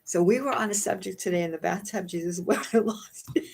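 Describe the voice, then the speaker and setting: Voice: mid-range voice, a little fast, creaky, a little mellow, breathy edge, rough recording. A spiritual card reader at home, chatting casually through an oracle card reading in a rambling, giggly way with many fillers.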